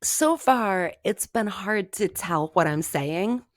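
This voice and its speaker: A podcast co-host with a mid-range, animated voice tells stories slowly in casual chat, giggling often and clearly amused at herself. The recording is studio quality with no echo.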